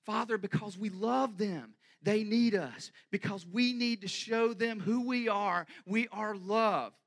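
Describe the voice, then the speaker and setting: A man playing Jesus in a sermon, earnest and pledging his mission, rising to impassioned shouts. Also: high-pitched, unhurried, vocal fry, pitched above the performer's own voice.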